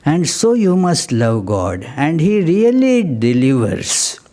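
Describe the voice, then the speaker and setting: A man giving a spiritual discourse, reflective and halting, with many pauses and fillers as he reads and explains poetry. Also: fairly high pitch, big pitch swings, dark tone. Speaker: monk giving a spiritual talk.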